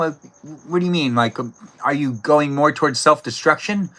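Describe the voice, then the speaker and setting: A man hosts a live stream from outdoors, reading out viewer comments and teasing them by name. His voice is bright and forceful, with a loose, playful manner, and crickets chirp faintly behind him. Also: on the high side, moderate pace. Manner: playful, jokey, talks to chat by name, barks and giggles on request. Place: outdoors, cold evening.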